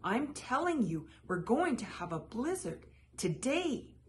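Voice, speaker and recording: A woman's voice: fairly high pitch, big pitch swings, unhurried, darkish tone, a little hiss or hum, voice pushed up. A woman voicing an earnest young female groundhog who forecasts the weather, in an insistent, worried manner.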